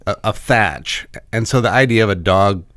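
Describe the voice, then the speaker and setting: A man co-hosting a casual podcast, jokey and animated, with a lot of filler words. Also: lowish voice, normal speed, no echo, studio quality. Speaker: podcast co-host.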